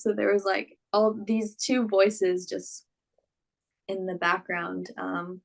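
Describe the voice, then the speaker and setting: A young woman casually telling her own story in a relaxed, chatty way full of fillers. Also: medium pitch, slow, creaky.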